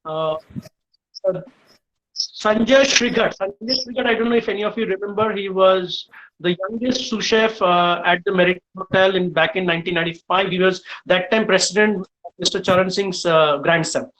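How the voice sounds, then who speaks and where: Animated Indian man telling kitchen stories. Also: sits high, moderate pace, low-quality recording. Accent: Indian English. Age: middle-aged. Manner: animated, frequent uh fillers, lively storytelling. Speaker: guest chef speaking to students. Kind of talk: storytelling in a live online session.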